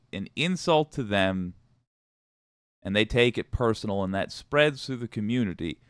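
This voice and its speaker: A man's voice: lowish voice, smooth, dry recording, clean studio sound. A man hosting a political commentary show, talking casually with wry, profane, rambling asides.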